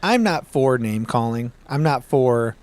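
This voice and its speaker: A man's voice: mid-range voice, measured pace, no room sound. A man co-hosting a podcast, talking bluntly and with lots of swearing in a heated casual debate. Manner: blunt, profane, animated ranting. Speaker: podcast co-host.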